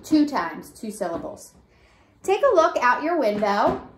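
A young woman teaching a preschool circle time lesson, with slow, sing-song, coaxing teacher talk and songs. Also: a little high, big pitch swings. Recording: echoey room with faint noise.

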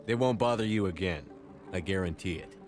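An actor playing a male human space commander, firm, protective and steady. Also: brisk, soft background music, close to an everyday voice. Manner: firm, protective, low and even.

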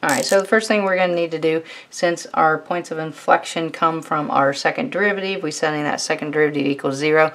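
Low-voiced woman teaching calculus. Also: fast, few pauses. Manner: relaxed, conversational, thinks aloud while writing. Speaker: math teacher. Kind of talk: recorded math lecture.

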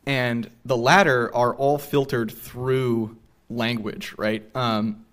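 A man's voice: medium pitch, a bit bright. A young man giving a conversational local history lecture in a small theater, with frequent ums and asides of "right?". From New England. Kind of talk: public lecture with slides.

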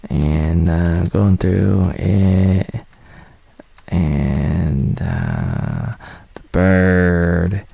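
A man's voice: low voice, gravelly, mellow, no room sound. A man in his thirties giving a loose, rambling spoken review of a series, full of fillers and half-finished thoughts. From United States (Oregon). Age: 30s. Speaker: video reviewer. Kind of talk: casual spoken review over footage.

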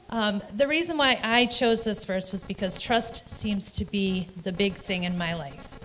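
A woman's voice: medium pitch, a little slow, hardly any pauses, a bit bright, slight background noise, rough recording. Woman, middle-aged, from New Jersey, emotional testimony, nervous laughs, church service. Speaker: church member giving testimony. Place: church sanctuary.

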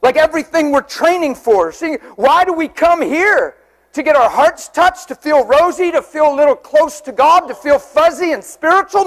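A man preaching in church with a strikingly high voice. He is fervent and earnest, shouting out the big lines and then turning soft and tender. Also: expressive, moderate pace. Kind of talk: sermon.

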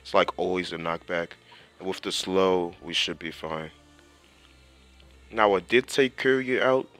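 A man's voice: low voice, measured pace, a bit bright, faint music behind. A young man giving casual gameplay commentary, talking to himself in slangy speech with lots of fillers. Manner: talks to himself while playing, slangy, with many fillers.

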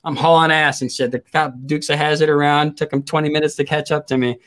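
A man's voice: a little high, flat delivery, quick pace, a bit bright. A man in his forties hosting a casual chat, telling crude stories and laughing often. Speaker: host.

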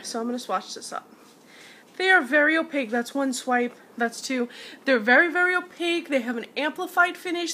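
Higher-voiced woman vlogging a lipstick review, casual and chatty, talks to her viewers. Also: pushed and bright, a little hiss or hum. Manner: chatty, addresses viewers as guys. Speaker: beauty vlogger.

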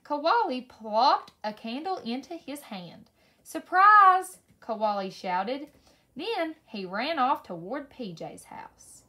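A woman reading a children's story aloud in a slow, expressive way. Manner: slow, expressive read-aloud with lively pitch. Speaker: story reader.

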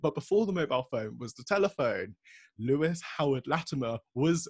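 A young man hosting a podcast, telling stories in a passionate, animated way during a casual discussion. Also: medium pitch, moderate pace, husky, dry recording. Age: young adult. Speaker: podcast host.

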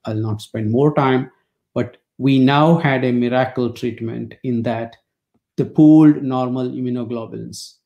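Older man, warm gravelly lecturer, dry anecdotal humor, webinar call mic. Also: mid-range voice, fairly even intonation, measured pace, highs cut off. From India. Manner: anecdotal, wry storytelling with dry jokes.

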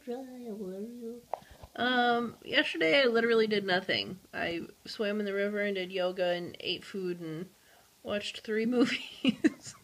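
A woman's voice: a little high, a bit bright. A woman vlogging casually to her camera, chatty and giggly, talking to her dog. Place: indoors then outdoors in heavy rain. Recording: muffled with background noise.

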